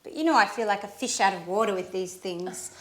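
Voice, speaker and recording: An actress playing an eager, flustered young woman in love, chatting excitedly in a scripted sitcom for English learners. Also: mid-range voice, fairly quick, natural voice. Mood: chatty. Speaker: Alice, character in a learning sitcom.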